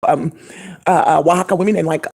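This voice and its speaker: A channel host delivers a long, scattered monologue to camera. The voice is husky and sits at an ordinary middle pitch. The talk is profane and indignant, full of fillers and restarts. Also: steady tone, quick pace, a little mellow.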